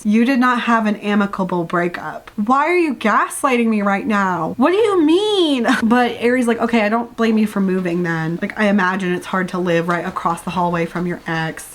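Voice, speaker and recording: A young woman casually recapping a book in a sarcastic, chatty rant review. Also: medium pitch.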